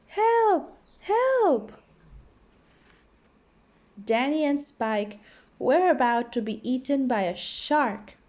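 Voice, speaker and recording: A female primary school teacher reads a children's storybook aloud in a fairly high, unhurried voice, full of expression and playful sound effects. The recording is dull and lo-fi.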